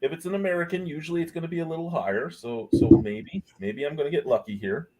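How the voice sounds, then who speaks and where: A man's voice: on the high side, quick pace, mellow. A man in a casual beer chat, ranting with lots of swearing and exasperation. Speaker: guest.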